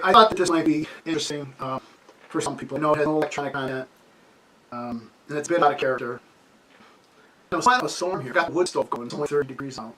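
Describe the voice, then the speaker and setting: A man in his sixties telling a childhood story at home in a casual, animated way, laughing often and acting out the scenes. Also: fairly high pitch, low-quality recording. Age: 60s. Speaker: amateur radio hobbyist. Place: home with a wood stove.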